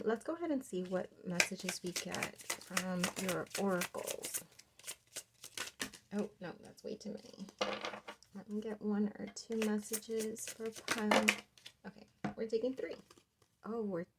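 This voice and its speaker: A young woman giving a pick-a-card tarot reading in a gentle, reassuring way, rambling with many fillers. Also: mid-range voice, unhurried, heavy background noise. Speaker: tarot reader.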